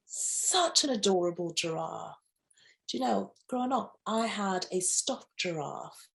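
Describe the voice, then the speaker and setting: A woman's voice: expressive, measured pace, gravelly. A woman hosting a playful pet news show, reading stories and breaking into campy, gushing asides. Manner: campy, gushing asides with sudden high squeals. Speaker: news host.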